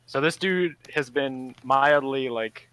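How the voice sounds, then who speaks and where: A man's voice: medium pitch, takes it slowly, a bit bright, a little hiss or hum, poor audio. A young man from the American South telling a rambling story in a gaming voice chat, with lots of fillers and laughs, on a headset mic. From Southern United States. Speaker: team player.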